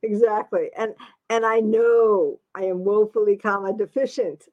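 A woman's voice: medium pitch, fairly even intonation, moderate pace, narrow, tinny audio. A woman author chatting casually, talkative and self-deprecating, laughing often. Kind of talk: casual chat.

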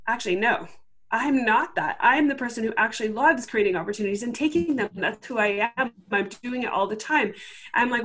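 A woman's voice: fairly high pitch, quick pace, bright, forceful tone. Woman, interview guest, casual storytelling, chatty, many fillers, acts out her own past words.

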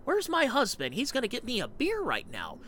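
A man's voice: extremely high pitch, wildly swooping pitch, a little fast, pushed and bright, slight background noise, voice pushed up, full character voice. A man doing a mocking impression of an angry, folksy woman politician. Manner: mocking, exaggerated.

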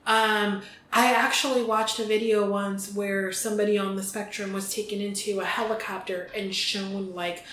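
A woman's voice: mid-range voice, level tone, normal speed, hardly any pauses, a bit bright. A woman co-hosting a podcast from the United States, talking in a chatty, casual way with ums and restarts. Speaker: podcast co-host. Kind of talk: casual chat. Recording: echoey room with faint noise.

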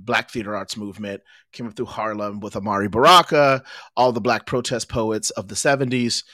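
Male podcast co-host, animated and rambling, middle pitch, dry close mic. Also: no room sound. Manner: animated storyteller, many fillers. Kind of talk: casual chat.

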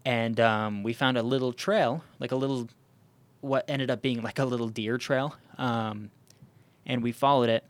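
A man with a mid-range voice and steady tone hosts a podcast, telling a hiking story at a moderate pace in casual chat. He rambles, leaning on "um" and "like" and restarting often.

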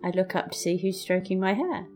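A woman playing her character in a tabletop role-play, talking in an earnest, questioning, animated way. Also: fairly low pitch, brisk, soft background music. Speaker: player.

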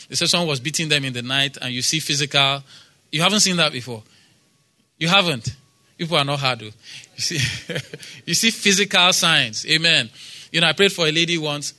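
A man's voice: fairly high pitch, bright, forceful tone. A man preaching a sermon in a church, quoting scripture with emphasis, repeating phrases and asking the congregation for responses.

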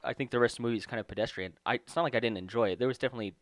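A man's voice: medium pitch, racing, no room sound. A man talking casually about a movie, rambling with lots of fillers.

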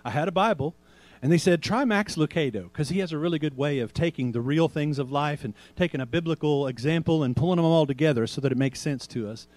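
Male pastor, slightly high voice, casual sermon delivery with rhetorical questions, dry recording. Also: darkish tone, no echo. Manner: conversational preaching with rhetorical questions; slows down to stress quoted scripture.

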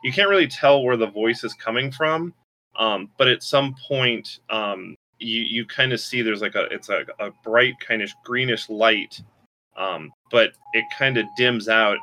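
A man's voice: fairly low pitch, pushed and bright. A man narrating as game master in a casual, rambling way full of fillers.

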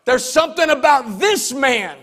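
A man preaching a sermon in a rhythmic, emphatic way, swinging from hushed lines to shouted ones. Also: very high voice, animated, moderate pace. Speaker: pastor.

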